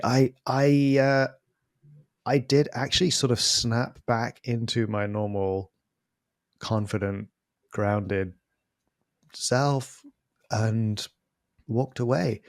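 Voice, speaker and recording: A man co-hosting a podcast, telling a story in a casual, animated, self-deprecating way. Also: medium pitch, slow, long pauses, no echo, clean studio sound. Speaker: podcast co-host.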